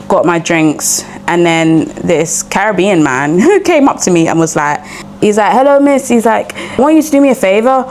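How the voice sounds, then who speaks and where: A young woman, a sleep-deprived new mother, telling a rambling story in a casual vlog while walking outdoors. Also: lowish voice. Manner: chatty, rambling, animated retelling. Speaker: vlogger. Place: outdoors on a street walk.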